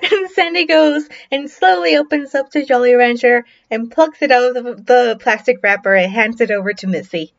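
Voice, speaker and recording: A woman player narrating her character's actions in a halting, giggly way. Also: on the high side, gravelly. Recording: dull lo-fi mic.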